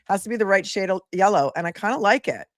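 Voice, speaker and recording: A woman's voice: medium pitch, lively intonation, quick pace, dry recording, studio quality. A woman attorney hosting a live commentary stream, chatty and sassy, laughing often as she talks to viewers.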